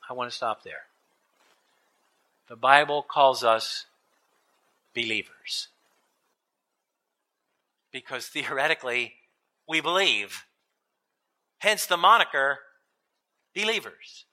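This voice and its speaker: A man preaching a sermon with an exuberant, animated delivery and dramatic swings in voice. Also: medium pitch, slow, long pauses.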